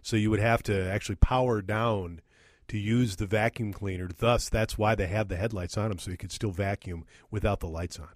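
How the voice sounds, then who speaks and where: A man's voice: fairly low pitch, a little fast, no echo. A man co-hosting a radio show, spinning playful made-up answers to listener questions. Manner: playful, deadpan tall tales. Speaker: radio co-host. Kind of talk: casual radio banter.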